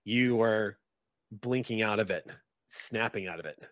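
A man's voice: on the low side, measured pace, a bit bright, dry recording, clean studio sound. A man running a tabletop game, describing scenes and speaking to players, rambling with restarts. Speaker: game master.

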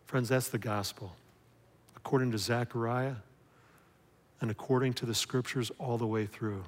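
A man preaching a sermon to his congregation, acting out a story's characters and moving from loud, lively telling to quiet, hushed appeals. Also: mid-range voice, moderate pace, long pauses. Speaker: pastor. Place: church sanctuary. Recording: long hall reverb.

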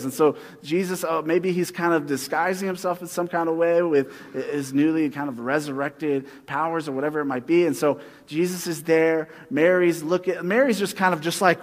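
A man preaches in a fairly high, conversational voice that turns animated and slows down for emphasis. His voice carries through the long reverb of a large hall. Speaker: pastor. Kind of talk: sermon.

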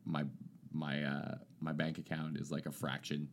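A man's voice: a bass voice, little pitch movement, moderate pace, a little hiss or hum. A man co-hosting a casual podcast, joking and rambling with his friend. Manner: joking, drifts into hammy put-on voices with laughs. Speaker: podcast co-host.

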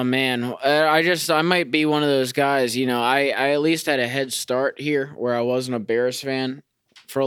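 A man's voice: medium pitch, fairly bright tone, smooth, no echo, clean studio sound. A young man ranting profanely as a sports fan, talking in a casual, exasperated monologue.

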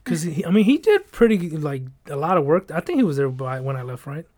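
Chatty man with a higher voice. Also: big pitch swings, brisk, darkish tone. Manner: rambling storyteller, swears freely. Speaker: former storage facility office worker. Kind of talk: casual chat.

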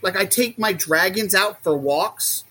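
Husky man rambling about his reptiles. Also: high voice, a little slow. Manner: rambling and animated, acts out quotes. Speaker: guest, reptile keeper. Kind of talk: casual podcast chat.

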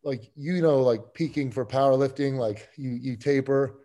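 A man as a podcast guest, telling a story in an animated, excitable way with many restarts. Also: mid-range voice, moderate pace. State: getting emotional. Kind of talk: casual chat.

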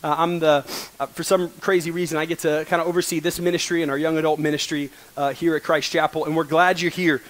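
Earnest young man preaching, high-ish voice. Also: flat delivery, fast talker. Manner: earnest, emotional, joking asides. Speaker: college ministry pastor. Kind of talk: sermon. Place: coffee shop worship service.

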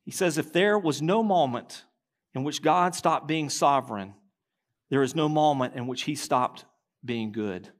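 A man preaching a sermon as pastor, reading quotations aloud, slowing and dropping low at key lines.

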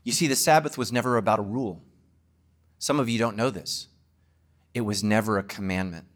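A man, a pastor, preaching an emphatic sermon to his congregation and closing with a quiet prayer. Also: fairly low pitch, brisk.

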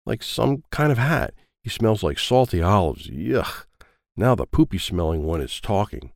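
A man's voice: lowish voice, sing-song, unhurried, creaky, no room sound, studio quality, exaggerated voice. A man reading a storybook in the first person as a small, timid seven-year-old boy who speaks in short, plain sentences. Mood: matter-of-fact. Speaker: audiobook reader.

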